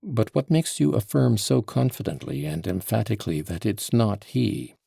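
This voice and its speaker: A man voicing a severe male prosecutor in an audiobook, with measured, probing questions. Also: lowish voice, very animated, creaky, mellow, breathy edge, no room sound, full character voice. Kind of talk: audiobook character voice.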